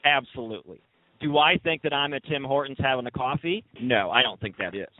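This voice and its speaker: A man's voice: medium pitch, fairly quick, dry recording. A man on a recruiting panel, emphatic and argumentative, often cutting in on others. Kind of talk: lively panel discussion. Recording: dry, thin phone-like sound.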